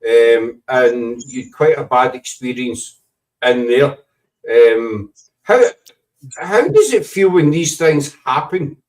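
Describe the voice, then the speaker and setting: A man hosting an interview, asking questions in a measured, conversational way. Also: mid-range voice, lively intonation, a little mellow, distant mic, low-quality recording. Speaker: host.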